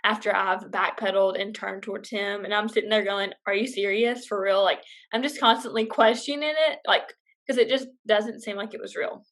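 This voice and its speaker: A woman's voice: mid-range voice, fairly even intonation, a little fast, a bit bright. A young woman vlogger casually telling a personal story, chatty and full of fillers. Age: young adult.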